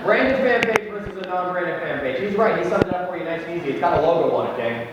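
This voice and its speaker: A man's voice: high voice, lively intonation, fast talker, muffled recording. A man presenting a live seminar to an audience in a conference room, joking and speaking to the crowd directly. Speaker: real estate tech seminar presenter. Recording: echoey hall from far off, faint noise.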